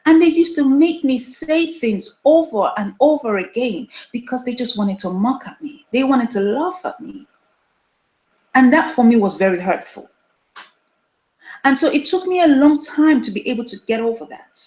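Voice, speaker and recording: A woman's voice: sits high, expressive, normal speed, darkish tone, echoey room. Earnest woman hosting a live online show. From Nigeria. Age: 30s. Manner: earnest, emphatic, repeats phrases for stress. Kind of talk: solo live-stream talk to viewers.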